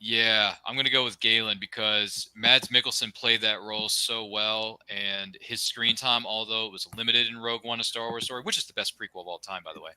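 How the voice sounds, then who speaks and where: A young man co-hosting a casual fan podcast, gushing with enthusiasm and tossing in quick asides and pop-culture jokes. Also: lowish voice, pushed and bright, clear, resonant tone, no room sound. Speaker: podcast co-host.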